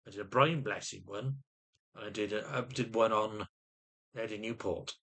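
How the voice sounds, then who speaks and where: A man's voice: fairly low pitch, moderate pace, a bit bright. A middle-aged man in an agitated personal rant to camera, often stumbling and repeating words as he vents. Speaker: vlogger.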